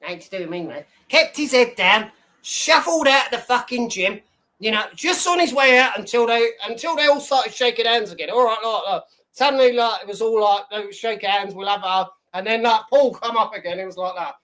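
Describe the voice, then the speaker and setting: A man's voice: very high voice, moderate pace, bright, forceful tone. A man hosting his own live stream, chatting loosely to his viewers. He rambles through a story, swears freely and laughs a lot as he talks. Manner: rambling, sweary, laughs often, tells stories. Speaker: livestream host. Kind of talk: casual live-stream chat.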